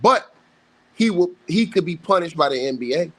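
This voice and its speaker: A man's voice: fairly high pitch, expressive, brisk. A man hosting a livestream, giving casual sports commentary in an emphatic, slangy, repetitive way. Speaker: livestream host. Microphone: livestream mic.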